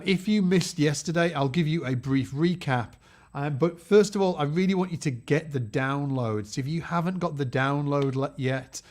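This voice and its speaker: A man hosting a live-stream bass lesson, chatty and upbeat, greeting viewers by name. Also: darkish tone. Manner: chatty and upbeat, reads out viewer names, frequent fillers and restarts.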